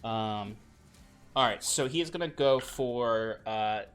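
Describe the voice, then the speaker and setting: A man acting as game master, laying out rules and narrating in a relaxed way and laughing often. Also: medium pitch, slow, clean tone.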